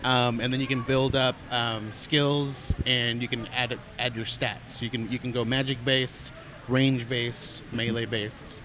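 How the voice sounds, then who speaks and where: A man's voice: mid-range voice, level tone, a little slow, pushed and bright, slight background noise. A man co-hosting a casual podcast, describing things in a rambling way with many fillers. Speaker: podcast co-host.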